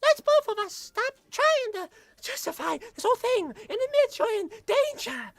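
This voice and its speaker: A woman's voice: very high voice, sing-song, normal speed, exaggerated voice. An actress playing a worried wife who pleads urgently with her husband, in a scene from a drama film. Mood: pleading.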